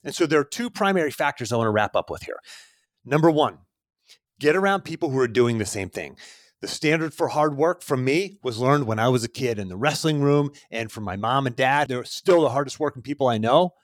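A man's voice: mid-range voice, animated, fairly quick, no room sound, studio quality. A man in his thirties hosting a podcast, giving a motivational monologue in a conversational way with frequent fillers. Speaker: podcast host.

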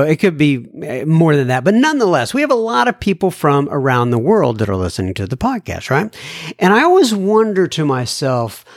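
A man's voice: on the high side, no room sound, studio quality. A man hosting a podcast, reading listener letters aloud in a playful, chatty way and addressing each writer by name. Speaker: podcast host. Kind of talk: casual podcast chat reading listener mail.

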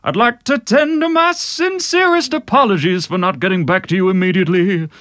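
A man putting on a Welsh accent as an impression of a singer, reading a letter in a slow, stately, overly polite way. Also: high-pitched, a bit bright, no room sound, studio quality, pitched above the performer's own voice. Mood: formal, pompous. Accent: Welsh, put on.

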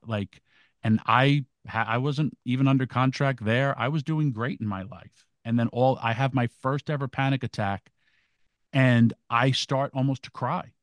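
A man's voice: mid-range voice, a little slow, dry recording, studio quality. A middle-aged man co-hosting an interview, telling an earnest story with intense, profane punchlines. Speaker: co-host. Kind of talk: casual interview chat.

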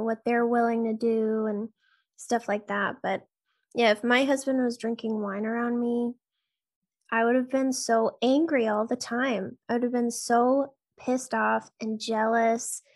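A woman's voice: a little high, flat delivery, unhurried. A woman co-hosting a podcast, chatty and easygoing, with fillers and easy laughter. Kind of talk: casual conversation.

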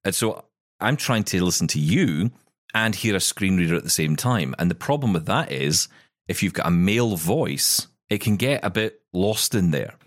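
A low-pitched Scottish man at a normal pace joins in casual podcast banter about technology, lively and keen, repeatedly revising himself mid-sentence. The recording is dry and of studio quality.

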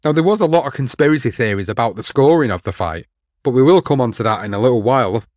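A man's voice: medium pitch, animated, fast, darkish tone, dry recording, clean studio sound. A man hosting a boxing history show, telling the story steadily and reading out quotes. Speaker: podcast host.

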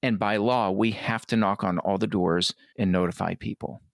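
A middle-aged man talking earnestly as an interview guest, often quoting others in quick asides. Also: lowish voice, steady tone, vocal fry, dry recording, clean studio sound. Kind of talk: conversational interview.

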